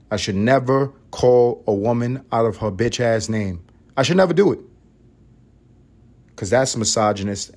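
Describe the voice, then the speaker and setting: A man from East Harlem hosting a podcast, delivering a crude, sarcastic comedic monologue that swings between loud mock outbursts and muttered asides. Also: a little high. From East Harlem, New York. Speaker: podcast host.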